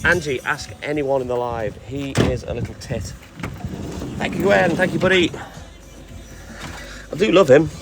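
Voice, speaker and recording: A man's voice: fairly high pitch, normal speed, pauses often. A man chatting casually and bantering with viewers on a live stream from his delivery van, swearing now and then. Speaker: milkman streamer. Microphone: phone live stream. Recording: music playing clearly behind.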